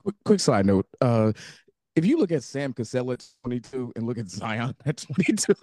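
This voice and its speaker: A man co-hosting a podcast, his pitch swinging widely as he jumps into the banter and laughs often. His voice is recorded close and dry, with no room echo. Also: huge pitch swings, measured pace, long pauses. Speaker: podcast co-host. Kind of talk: casual chat.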